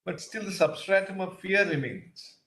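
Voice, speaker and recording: A man's voice: sits high, normal speed, a loud crowd. A man, a judge questioning counsel in a probing, thinking-aloud way with many fillers. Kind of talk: courtroom questioning. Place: large courtroom. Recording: roomy courtroom audio.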